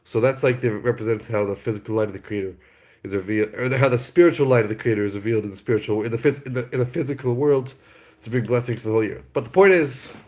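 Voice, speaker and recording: A man talks through a relaxed teaching monologue at an ordinary pitch. He sounds short of breath, and something seems stuck in his throat. His delivery rambles, full of restarts and self-corrections. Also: fast talker. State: out of breath and coughing. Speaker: speaker explaining holiday teachings. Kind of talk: casual spoken teaching monologue.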